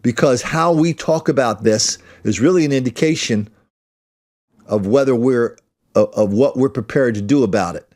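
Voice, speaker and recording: A man's voice: medium pitch, moderate pace, a little mellow. Blunt, rambling male podcast host. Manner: rambling, with many restarts and asides; blunt and combative. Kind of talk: solo opinion monologue.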